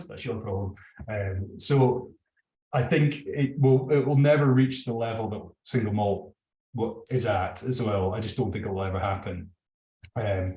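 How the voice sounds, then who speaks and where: Speaking over a video call in a casual virtual tasting, a Scottish-accented man who bottles whisky as a guest rambles and airs strong opinions, describing himself as a drinks geek. The recording is rough and echoey, his voice lowish with a darkish tone.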